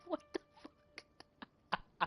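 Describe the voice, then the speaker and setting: Speaking very slowly in a fairly bright tone, a woman streams a game and rants at the characters in mock outrage. Her casual commentary is profane and joking, rambling with repeated words.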